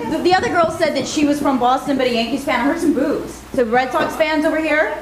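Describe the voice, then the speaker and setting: A woman's voice: high voice, normal speed, crowd noise. A woman in her thirties, a former TV news anchor, doing a stand-up set with wry, self-mocking punchlines on a club stage. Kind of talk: stand-up comedy routine. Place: comedy club stage with live audience. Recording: echoey hall with loud background noise.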